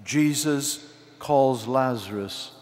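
An older man preaches a homily, breaking his lines into short, deliberate phrases. He speaks very slowly at a middle pitch. His voice rings out with the long reverb of a large cathedral. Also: darkish tone. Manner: slow, measured delivery in short phrases. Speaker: archbishop preaching. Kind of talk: sermon.

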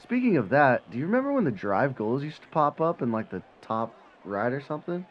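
A man giving live commentary on his own football video game, muttering one moment and shouting and swearing the next. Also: fairly quick, highs cut off, a little hiss or hum. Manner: swings from low mutter to excited yelling, swears when frustrated. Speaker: gaming channel host.

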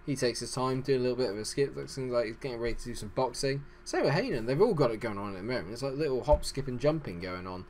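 A man's voice: medium pitch, lively intonation, quick pace, few pauses, a little mellow, slight background noise. Rambling man doing game commentary. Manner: rambling, self-deprecating chatter. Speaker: gaming channel host. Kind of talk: casual let's-play commentary.

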